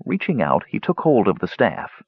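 A man narrating a fantasy audiobook in a measured, expressive way. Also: on the low side, breathy edge, dry recording, dull audio. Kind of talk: scripted narration.

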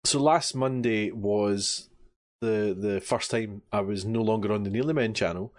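A man with a Scottish accent co-hosting a podcast, friendly and chiming in often. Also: fairly low pitch. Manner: friendly, quick to laugh and chime in. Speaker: podcast co-host. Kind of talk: casual chat.

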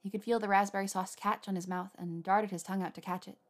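A woman's voice: medium pitch, steady tone, fast talker. Woman reading a story aloud. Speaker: narrator.

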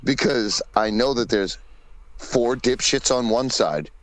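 A man's voice: mid-range voice, slow pace, low-quality recording. A man co-hosting a podcast in casual chat, blunt, opinionated and profane. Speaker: podcast co-host.

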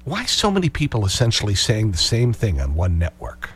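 A man hosting a call-in radio talk show, sarcastic and animated, hammering phrases over and over. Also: fairly low pitch, brisk, slightly rough.

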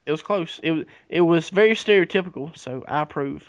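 A man's voice: fairly high pitch, fairly quick, dry recording. A man, casually retelling history on a podcast with profanity and acted-out dialogue. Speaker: podcast co-host. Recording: dull lo-fi recording.

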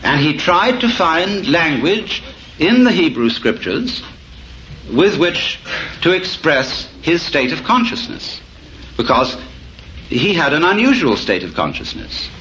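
A man's voice: a little high, sing-song, slow pace, sharp tone. A middle-aged man giving a public lecture to an audience, wry and storytelling. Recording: dull lo-fi tape of a lecture with faint hiss.

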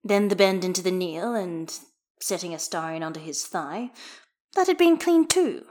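A woman reading fan fiction aloud as narrator, in a lively, expressive manner. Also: fairly low pitch, normal speed. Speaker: audiobook reader.

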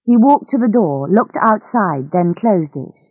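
A woman reading a graded-reader story aloud in a slow, careful, clear way. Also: medium pitch, lively intonation, no room sound, dull audio. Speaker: narrator. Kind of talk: graded-reader audiobook narration.

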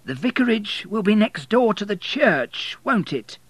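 A man's voice: sits high, very animated, a little slow, husky, dry recording, pitched above the performer's own voice, heavily acted. A man voicing a pompous church warden who talks down to an impatient visitor, in an audiobook reading. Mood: condescending. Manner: condescending, drawn out.

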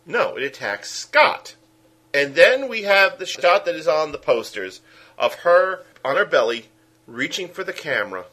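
A man with a Brooklyn accent co-hosting a podcast, casually reviewing a film in an animated, ranting way and acting out characters. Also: a little high, unhurried. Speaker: podcast co-host.

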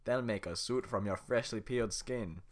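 A man voicing a gruff, menacing male ogre who taunts in slow, growling lines. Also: on the low side, natural voice.

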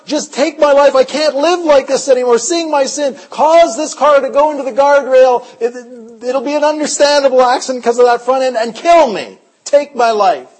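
High-voiced impassioned male preacher. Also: low-quality recording. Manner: impassioned, swings from hushed to loud. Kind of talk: sermon. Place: conference hall.

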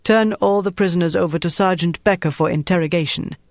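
A cold German officer, as a male narrator puts him on, barks clipped commands and interrogates without mercy. The voice sits slightly high and sounds dry and close. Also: brisk, gravelly, dry recording.

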